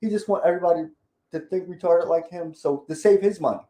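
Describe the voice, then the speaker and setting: A woman's voice: fairly low pitch, fast, dark tone. Opinionated woman in an echoey room. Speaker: podcast co-host. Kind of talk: casual chat.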